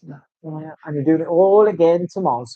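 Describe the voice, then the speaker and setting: A man's voice: fairly high pitch, brisk, dry recording. A man chatting casually at work as a tattoo artist, swearing freely and telling rambling stories. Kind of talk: casual chat while working. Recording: dull lo-fi recording.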